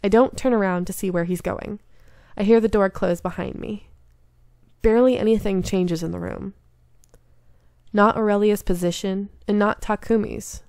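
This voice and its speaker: Woman, game streamer, reads a story game aloud, earnest and invested; gravelly edge, dry close mic. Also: mid-range voice, steady tone, moderate pace, darkish tone, no room sound. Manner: earnest, emotionally invested reading.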